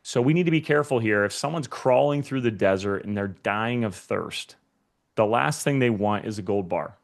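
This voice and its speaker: A man's voice: on the low side, moderate pace, creaky. A man giving a motivational sales training talk to real estate agents, speaking straight to his audience and acting out short scenes. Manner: energetic, addresses the audience directly, acts out short scenes.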